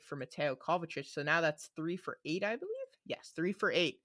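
A man's voice: on the high side, quick pace, few pauses, bright, forceful tone, no room sound, clean studio sound. Young man teasing while reading ratings. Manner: teasing, reads ratings aloud. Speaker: podcast co-host reading player ratings. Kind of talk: casual podcast chat.

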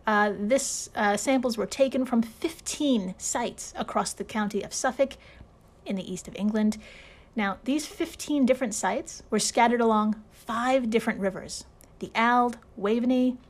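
A woman with a somewhat high voice hosts a casual podcast. She talks in a chatty, irreverent way, swearing and laughing often as she tells the story. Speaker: podcast host.

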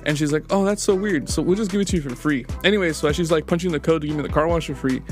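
A man's voice: fairly high pitch, very fast, soft background music. A young man co-hosting a podcast, telling rambling stories in casual chat, swearing and laughing at himself. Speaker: podcast co-host.

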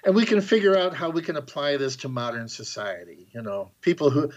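A man's voice: on the high side, brisk, lo-fi sound. A middle-aged man from the Chicago area, a composer guest telling stories on a podcast and acting out the people in them. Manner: animated storyteller, acts out quoted characters. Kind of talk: podcast interview, storytelling.

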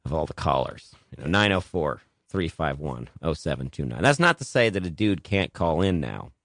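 Lively young man hosting a radio show. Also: a bass voice, moderate pace, no echo, clean studio sound. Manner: animated storyteller, acts out quotes. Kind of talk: casual comedic radio chat.

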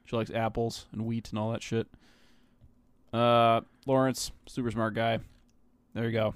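A man's voice: mid-range voice, level tone, measured pace, smooth, no room sound. A man co-hosting a podcast in casual chat, rambling, swearing freely and laughing easily. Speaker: podcast co-host.

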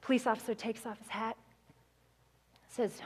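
High-voiced woman preaching in a hall. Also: measured pace, long pauses, breathy edge. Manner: animated storytelling, acting out voices. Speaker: guest speaker. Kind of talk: sermon.

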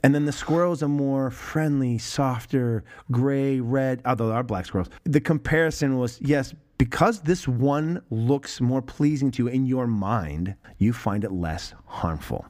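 Animated, rambling man chatting about films. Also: mid-range voice, a little slow, few pauses. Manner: animated, rambling with restarts, swears and laughs often. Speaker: podcast guest or co-host. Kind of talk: casual film discussion podcast.

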